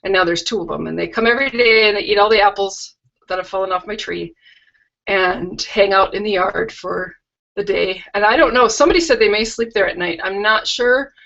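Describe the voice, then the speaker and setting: A woman's voice: medium pitch, brisk, gravelly, fairly bright tone. A middle-aged woman hosting a live craft stream from her home, chatting casually with homey, rambling asides. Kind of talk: casual live-stream chat and product tour. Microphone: video call webcam. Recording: lo-fi video call audio.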